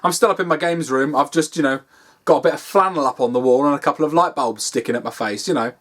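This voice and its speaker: A man's voice: a little high, quick pace, a bit bright. A man ranting in a sweary, exasperated way as he reviews a game over gameplay, from his games room at home. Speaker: gaming video host.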